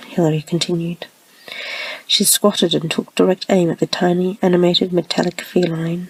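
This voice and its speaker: Breathy whispering woman storyteller. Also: on the low side, level tone, normal speed, far from the mic, poor audio. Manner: soft, hushed. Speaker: narrator.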